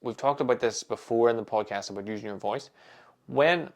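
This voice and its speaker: A man hosting a solo podcast, talking in a calm, measured way with thoughtful pauses. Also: mid-range voice. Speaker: podcast host.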